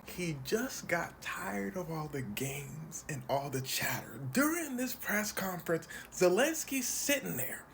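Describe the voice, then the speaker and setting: A man gives an animated comedy recap of political news in casual slang. His pitch swings widely, and his voice has a gravelly, creaky texture. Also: unhurried, few pauses, slight background noise. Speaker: comedy commentary creator.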